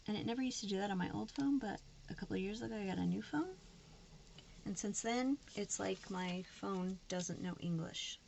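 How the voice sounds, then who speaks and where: A woman's voice: medium pitch, normal speed, gravelly, darkish tone, a little hiss or hum. A woman chatting casually to camera while she decorates her planner, frank and a little frustrated. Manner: chatty, frustrated, slips into put-on voices. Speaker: planner vlogger.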